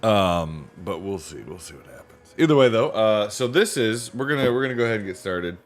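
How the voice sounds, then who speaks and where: A man's voice: fairly low pitch, lively intonation, a little fast, faint music behind. A tired man hosting a livestream from home, chatting casually with viewers in a rambling way and repeating himself. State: tired from a sleepless night. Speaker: livestream host reading books aloud. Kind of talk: casual chat with live viewers. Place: home with family nearby.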